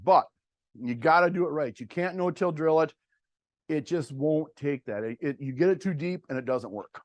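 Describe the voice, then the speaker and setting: A man's voice: fairly high pitch, dry recording. A middle-aged man, giving a plainspoken, folksy workshop talk to farmers about cover crops. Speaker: cover crop agronomist.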